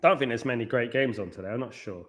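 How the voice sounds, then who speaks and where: A fast-talking man with a mid-range voice runs a late-night football watchalong from his home. He reads comments aloud and responds to them bluntly and dismissively, rambling on about the match.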